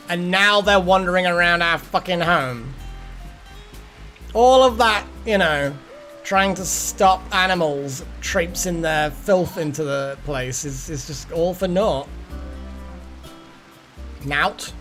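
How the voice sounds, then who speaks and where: A man's voice: high-pitched, takes it slowly, a bit bright, soft background music. Rambling man streaming. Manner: rambling, swears casually, muses aloud. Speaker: game streamer. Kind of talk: casual gameplay commentary.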